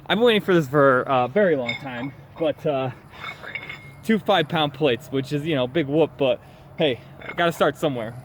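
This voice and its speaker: A man's voice: fairly high pitch, moderate pace, a little hiss or hum. Rambling man vlogging outdoors. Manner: rambling, self-deprecating. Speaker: home workout vlogger. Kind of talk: casual talk to camera.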